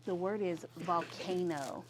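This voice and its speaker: A woman teacher leading young children through a vocabulary lesson in a classroom, with call-and-response and drawn-out words. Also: fairly low pitch, noisy background.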